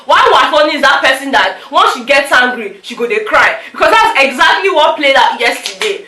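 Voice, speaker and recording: A young Nigerian woman vlogger recapping reality-show drama, animated and slipping into pidgin. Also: sits high, brisk, few pauses, a little hiss or hum. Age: young adult. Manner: animated, slips into pidgin, acts out quotes. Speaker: entertainment vlogger. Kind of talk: excitable gossip recap. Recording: roomy echo.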